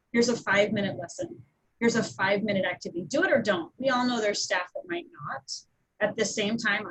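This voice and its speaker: A woman hosting a casual community panel discussion, talking with enthusiasm and animated emphasis. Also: mid-range voice, breathy edge, low-quality recording. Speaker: host of a community webinar.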